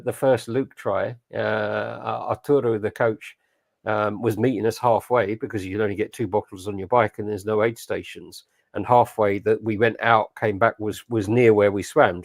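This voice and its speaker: A man's voice: on the low side, normal speed, creaky, no room sound, clean studio sound. A man co-hosting a casual podcast chat, talking bluntly and acting out what other people said. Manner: blunt and animated, acting out quoted voices. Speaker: podcast co-host.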